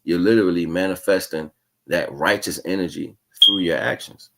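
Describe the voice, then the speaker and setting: A man's voice: low-pitched, fairly even intonation, normal speed, vocal fry, heavy background noise. A man hosting his own livestream, giving a casual, slangy spiritual monologue that rambles and keeps checking in with "you know what I'm saying". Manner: rambling, musing delivery with restarts. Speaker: livestream host.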